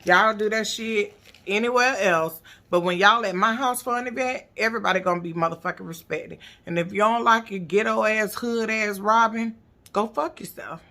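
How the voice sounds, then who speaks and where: Woman, gravelly fry, bright edge, blunt and profane, sassy reality TV recap vlogger. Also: medium pitch, normal speed. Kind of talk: casual recap commentary.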